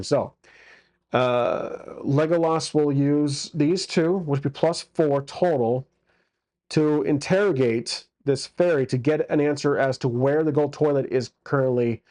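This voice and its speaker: Mellow-voiced man narrating a solo tabletop game. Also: mid-range voice. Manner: casual, crude jokes, many fillers.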